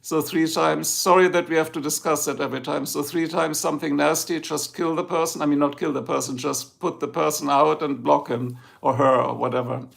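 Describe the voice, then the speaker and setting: Man, middle-aged, German accent, native German speaker, raspy fry in the voice, rambling livestream host talking to his chat. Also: fairly high pitch, steady tone, fairly quick, few pauses, a bit bright. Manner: rambling, talks straight to the chat.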